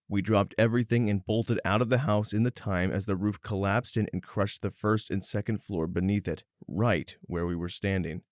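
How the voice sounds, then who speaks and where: A man reading stories aloud in a steady voice, adding short wry asides between them. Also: lowish voice, no echo, studio quality. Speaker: story narrator.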